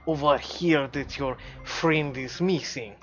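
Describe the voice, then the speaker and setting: A man with a mid-range, slightly bright voice plays a big, grave character with a fake Russian accent, speaking slowly and heavily. The recording is a bit dull, with faint game music behind it.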